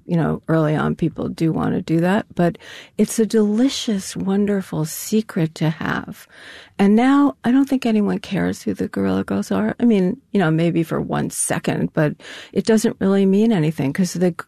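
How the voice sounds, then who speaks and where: An older woman speaks in a low, gravelly voice and keeps up a loose, chatty flow as an interview guest. She laughs often. The recording is dry and close, with no room sound. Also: moderate pace, mellow, dry recording. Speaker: guest, co-founder of an anonymous artist collective. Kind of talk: casual interview conversation.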